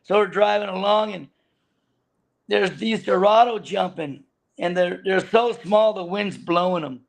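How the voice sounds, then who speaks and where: Gravelly animated man telling fishing yarns. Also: high-pitched, a little slow. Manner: rambling, animated storyteller with frequent restarts and laughter. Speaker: guest, veteran fishing boat deckhand. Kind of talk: casual storytelling chat.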